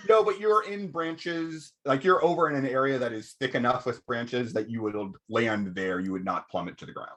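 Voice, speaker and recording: A man narrating as game master of a tabletop game in a measured way, often pausing with fillers. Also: mid-range voice, fairly bright tone.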